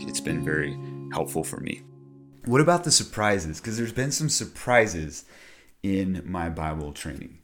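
A young man hosting a podcast, speaking in a thoughtful, hesitant way with frequent restarts. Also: low voice. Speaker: podcast host. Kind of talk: casual reflective podcast talk with a read ad. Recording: music playing behind the voice.

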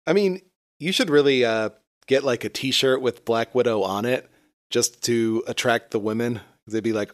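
A man's voice: mid-range voice, moderate pace, dry recording, studio quality. A man in casual chat, joking crudely and laughing while he recaps a comic. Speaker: comic review podcast co-host.

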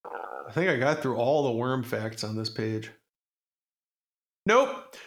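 A man's voice: mid-range voice, normal speed. A man co-hosting a podcast, chatting casually and reading aloud in a goofy, meandering way with plenty of swearing. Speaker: podcast co-host. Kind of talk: casual chat.

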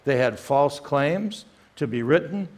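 An older man giving a firm, emphatic lecture as a guest speaker, often pausing with "uh" between phrases. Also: a little high, lively intonation. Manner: emphatic, many "uh" fillers, reads quotations aloud. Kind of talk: apologetics lecture.

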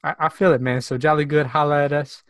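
A man's voice: fairly high pitch, steady tone, fast, no room sound, studio quality. A man from South Carolina co-hosting a podcast in a playful, slangy, hyped-up way. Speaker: podcast co-host. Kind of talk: casual chat.

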